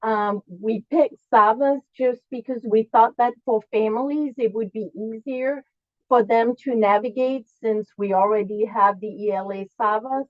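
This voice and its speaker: A woman's voice: on the high side, unhurried, no room sound, highs cut off. A woman representing a school, politely and steadily explaining her team's choice.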